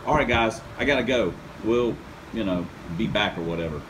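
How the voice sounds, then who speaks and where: A man's voice: on the low side, moderate pace, background noise. A man hosting a casual car-project vlog from his home workshop, laid-back and rambling, poking fun at himself. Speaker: channel host.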